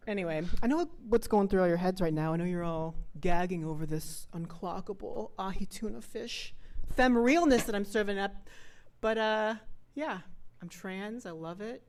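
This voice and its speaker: A woman's voice: medium pitch, darkish tone, a little hiss or hum. A young adult woman doing a self-mocking stand-up set over a video call, often laughing through her own lines. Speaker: stand-up comedian.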